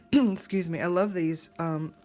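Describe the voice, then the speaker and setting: A woman's voice: lowish voice, takes it slowly, a little mellow. A woman giving a casual tarot reading, talking in a rambling, conversational way with lots of fillers and restarts. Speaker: tarot reader.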